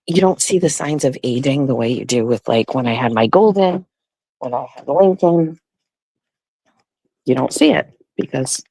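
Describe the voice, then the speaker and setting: A woman's voice: rumbling low, vocal fry, warm tone, breathy edge, no room sound, poor audio. A woman hosting a casual vlog from home, telling a story with plenty of swearing and laughter. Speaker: vlog host. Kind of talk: casual chatty monologue. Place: at home with her dogs.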